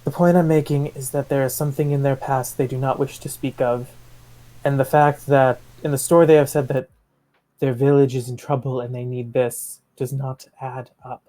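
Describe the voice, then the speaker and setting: A tabletop player talking in character with a measured, wary delivery. The pitch stays in a plain middle range. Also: level tone, dark tone.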